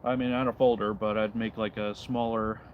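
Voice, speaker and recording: A man's voice: on the low side, little pitch movement, normal speed, narrow, tinny audio, a little hiss or hum. Laid-back man chatting on a livestream. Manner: laid-back, reads and answers chat while carving. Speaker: livestream host. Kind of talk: casual livestream chat. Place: outdoors in the cold.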